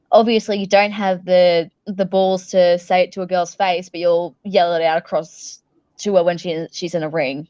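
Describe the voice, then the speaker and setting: A woman's voice: mid-range voice, a little mellow, no echo, lo-fi sound. A young Australian woman, a professional wrestler being interviewed, tells stories casually, laughing often and swearing freely.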